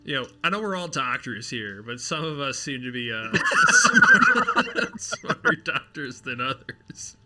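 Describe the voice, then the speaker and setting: A man's voice: medium pitch, a little slow, over loud music. A man playing a tabletop role-playing game, joking and chatty. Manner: joking, animated. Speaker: player. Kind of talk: casual tabletop play.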